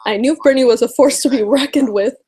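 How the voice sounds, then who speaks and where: Nervous, animated woman vlogging. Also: sits high, quick pace, poor audio. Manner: nervous, exasperated and animated, mocking others in quotes; heavy use of fillers like "um" and "you know". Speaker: political vlogger. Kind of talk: casual chat to camera.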